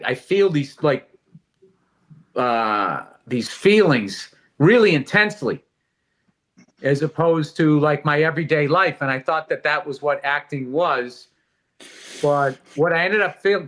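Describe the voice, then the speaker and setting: A middle-aged man with a high, bright voice talks on a casual podcast. He is reflective and candid. He swears loosely as he goes. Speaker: podcast host.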